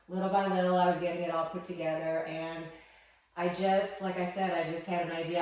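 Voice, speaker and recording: Woman telling her faith story: soft, halting, a bit low-pitched; heavy room echo, recorded from across the room. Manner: soft-spoken, halting, with many ums and restarts. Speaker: interviewee. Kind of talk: emotional personal testimony. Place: her small wooden chapel, indoors. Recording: echoey room from some distance.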